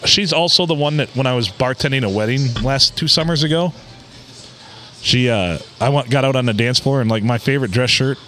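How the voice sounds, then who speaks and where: A man co-hosting a podcast in casual, profane banter while fighting a cold, swinging between excited outbursts and low mutters. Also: fairly quick, slight background noise. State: has a cold. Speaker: podcast co-host. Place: bar.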